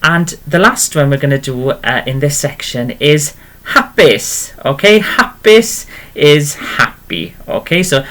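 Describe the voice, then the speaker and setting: A man's voice: a little high, animated, a little slow, fairly bright tone. A man teaching a beginner language lesson, patient and encouraging, often checking in with "okay?". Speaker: Welsh language tutor.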